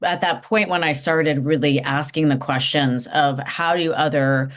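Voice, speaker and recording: A woman's voice: low-pitched, fairly even intonation, a little slow. A woman guest in a conversational interview, talking in a reflective, earnest way with frequent restarts. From United States. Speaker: interview guest, nonprofit CEO.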